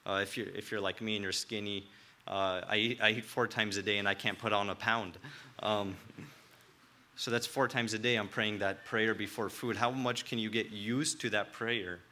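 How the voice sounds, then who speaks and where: Young male preacher, earnest and halting, fairly low voice with a bright edge. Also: fairly even intonation. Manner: halting, earnest, with many restarts and ums. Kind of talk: sermon.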